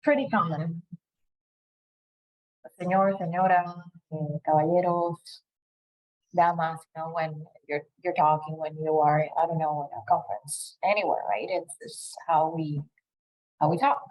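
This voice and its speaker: A woman presenting in a casual webinar discussion over a video call, speaking thoughtfully with frequent pauses and fillers. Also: sits low, muffled recording.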